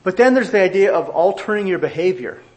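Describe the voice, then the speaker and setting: Animated male pastor, slightly high voice. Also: quick pace. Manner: animated, acts out quoted excuses in a raised voice. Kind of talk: sermon.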